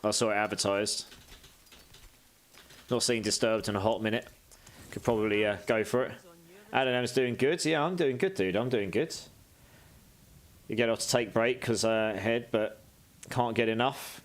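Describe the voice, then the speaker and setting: A man's voice: lowish voice, fairly even intonation, moderate pace, pauses often. Chatty British man streaming a game. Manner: chatty, reads viewer messages aloud and answers them. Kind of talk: casual live-stream chat.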